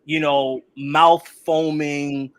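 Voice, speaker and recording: A man in his thirties, a co-host on a talk show, asking questions in a lively, casual way. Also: on the high side, drawn-out words. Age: 30s.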